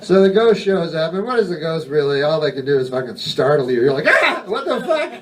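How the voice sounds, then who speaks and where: A man doing stand-up comedy on a club stage, rambling through deadpan, profane digressions. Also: fairly high pitch, quick pace. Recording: distant live stage recording with crowd. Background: audience laughter.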